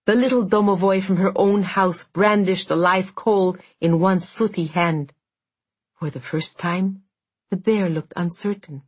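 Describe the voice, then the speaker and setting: A woman reading an audiobook in a measured, dramatic storytelling manner. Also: lowish voice, steady tone, darkish tone, slightly rough. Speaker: audiobook narrator. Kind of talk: scripted narration.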